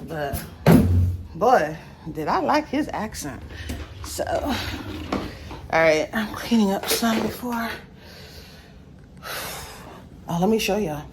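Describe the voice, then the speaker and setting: A chatty woman vlogs around her home and backyard, hot and sweaty from yard work. She talks straight to her viewers, calls them y'all, and laughs often. Her pitch sits mid-range, with a faint hiss behind her voice. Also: lively intonation, slow, long pauses. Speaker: vlogger. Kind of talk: casual chatty vlog.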